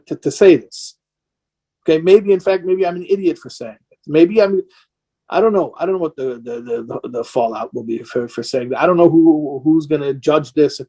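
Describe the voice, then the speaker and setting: A man's voice: fairly high pitch, mellow, husky. A man speaking as a rabbi in an impassioned question-and-answer talk, earnest and emotional, sounding tired and worn down.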